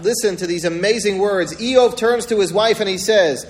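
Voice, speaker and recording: Animated man teaching a Torah lecture. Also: high voice, normal speed, hardly any pauses, in a large hall, a little hiss or hum. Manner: animated, rhetorical questions, dramatic retelling. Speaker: rabbi teaching a Torah class.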